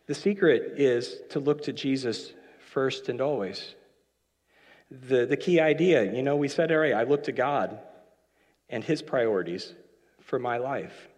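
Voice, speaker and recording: A man's voice: medium pitch, animated, a little slow, darkish tone. A man preaching a casual, conversational sermon with joking asides, now and then acting out quoted lines. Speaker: pastor. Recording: long hall reverb.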